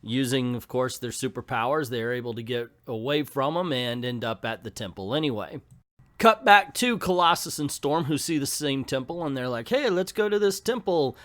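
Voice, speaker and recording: A chatty man tells a comic book plot in a loose, casual recap. He drops joking asides as he goes, with a middle-pitched, everyday voice. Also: moderate pace, fairly bright tone. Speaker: comic book video host.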